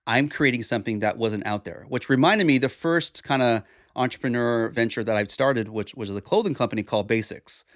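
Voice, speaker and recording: A young man sounding tired and groggy hosts a solo podcast, musing in a rambling, reflective monologue full of restarts. His voice is mid-range, captured in studio quality with no room sound.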